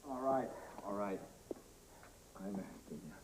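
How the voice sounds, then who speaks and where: A condemned prisoner, noisy film audio. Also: male voice, lowish voice, expressive, measured pace. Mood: coaxing, desperate. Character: condemned male prisoner, defiant.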